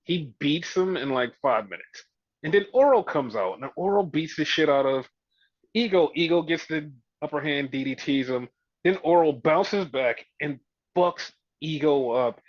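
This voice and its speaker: A man with a fairly high voice chats through a wrestling recap, swearing freely and acting out what the wrestlers said. The sound is dry and dull, like a lo-fi home recording. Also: normal speed, no echo. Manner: profane, animated retelling with mimicked quotes. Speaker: podcast host. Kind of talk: casual wrestling recap chat.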